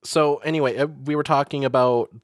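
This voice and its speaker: A young man co-hosting a casual movie-review podcast, halting and full of fillers, with a wry tone. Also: medium pitch, steady tone, clear, resonant tone, no echo, clean studio sound. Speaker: podcast co-host.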